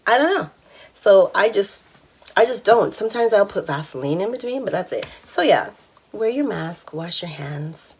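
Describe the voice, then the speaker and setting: A woman's voice: medium pitch, expressive, normal speed, darkish tone, husky. A woman in her thirties telling a personal story in a candid, chatty vlog, laughing now and then. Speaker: vlogger.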